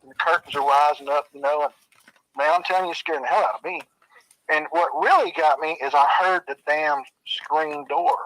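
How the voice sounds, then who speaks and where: A man spins a scary tale in a loose, drawling voice that sits a little high, and he throws in booming footsteps and other sound effects. The sound is close and dry, with no room behind it. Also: moderate pace, fairly bright tone, no echo, low-quality recording. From Arkansas. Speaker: storyteller. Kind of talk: casual spooky storytelling.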